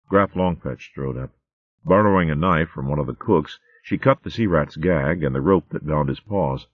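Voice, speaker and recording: A man narrating a storybook in an animated, expressive way. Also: very deep voice, normal speed, no room sound. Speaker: audiobook narrator. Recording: phone-like dry audio.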